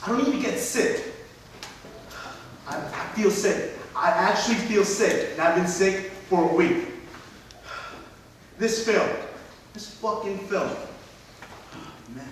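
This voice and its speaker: A scornful film snob rants and swears in a fairly high male voice, played by a man at a stage reading. It sounds distant and boomy, like a hall picked up from across the room. A faint hiss runs underneath. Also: slow pace, pauses often. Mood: indignant. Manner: indignant, ranting, profane. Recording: echoey hall, mic far off, faint hiss.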